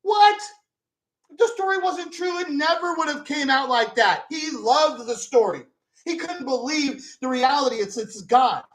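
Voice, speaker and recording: A man's voice: extremely high pitch, lively intonation, measured pace, a bit bright, poor audio. Man ranting profanely. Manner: angry, profane, repetitive ranting. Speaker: video host. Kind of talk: profane ranting vlog commentary.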